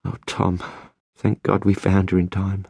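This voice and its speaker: Man voicing a softly cooing young wife. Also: sits low, normal speed, gravelly, breathy edge, no echo, studio quality, exaggerated voice. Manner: soft, cooing, crooning. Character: tender young wife cooing over a baby. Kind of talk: audiobook narration.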